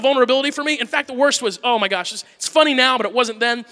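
A man preaching a sermon in a church, candid and self-deprecating, moving between hushed talk and shouting. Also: very high-pitched, rapid-fire, in a large hall. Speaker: pastor.

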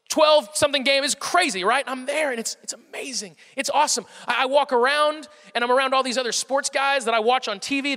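Bright-voiced man telling comic stories. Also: very high voice. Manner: animated, self-mocking, playful exaggeration. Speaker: speaker addressing a live audience. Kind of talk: comic storytelling talk. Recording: long hall reverb.

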